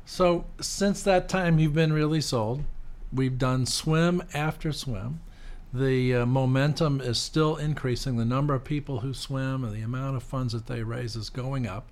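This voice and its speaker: A man hosting an interview, speaking in a measured way with some hesitations and fillers. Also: mid-range voice. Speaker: interviewer, host. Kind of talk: interview talk.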